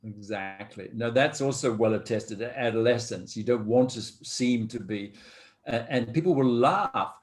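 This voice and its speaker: A man's voice: mid-range voice, moderate pace. A man from New Zealand leading an online seminar over a video call, talking in a thoughtful, wry way with restarts. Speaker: course leader.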